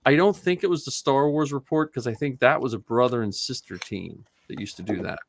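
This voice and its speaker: A man's voice: medium pitch, fairly quick, gravelly. A man hosting a podcast in casual chat, loose and self-deprecating, often trailing off mid-thought. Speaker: podcast host.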